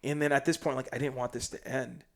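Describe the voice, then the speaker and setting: He's a fast talker with a medium-pitched voice, a South Sudanese man guesting on a podcast and telling a story casually. Animated and slangy, he jumps between loud bursts and whispered asides.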